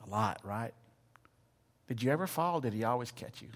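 A man's voice: medium pitch, animated, normal speed. A man preaching a sermon as a pastor, telling a personal story with self-deprecating humor before turning to scripture. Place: church sanctuary. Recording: long reverb of a large hall.

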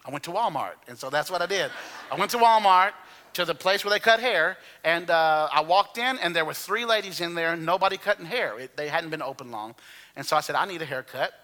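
A man in his fifties delivers a sermon with a brilliant, ringing tone. He sits somewhat high for a man, leaning hard on key words as he preaches. A long church reverb trails behind him. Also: expressive, brisk, bright, forceful tone. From Alabama, US. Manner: earnest, emphatic preaching, stressing key words. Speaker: pastor. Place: church sanctuary.

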